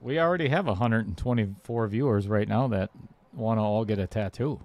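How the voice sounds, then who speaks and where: A man calls a pool match in a relaxed, chatty way and laughs easily. His voice sits low and has a gravelly rasp. He sounds like a regular host joking with his co-commentator. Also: brisk, no room sound. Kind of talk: casual live commentary.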